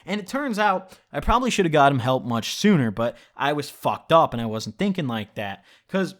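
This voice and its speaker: A man's voice: on the high side, moderate pace. Young man telling a rambling story. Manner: rambling, profane, animated retelling. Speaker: vlogger. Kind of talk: casual storytime vlog.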